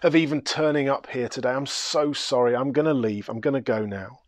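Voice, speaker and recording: A man voicing an ashamed young man who apologises haltingly, eyes full of tears. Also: medium pitch, no room sound, close to an everyday voice. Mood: apologetic.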